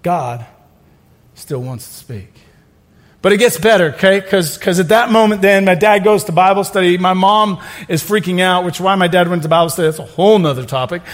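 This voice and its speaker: A middle-aged male pastor preaching a sermon, telling stories with joking asides and building to loud exclamations. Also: high-pitched, a little fast.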